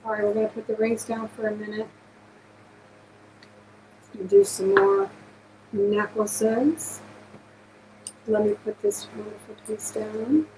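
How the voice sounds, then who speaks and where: Woman, live-stream auction host, casual chat, gushing and thankful, slightly high voice. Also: lively intonation, slow, vocal fry, long pauses, dark tone, a little hiss or hum, rough recording. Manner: effusive, gushing thanks to viewers.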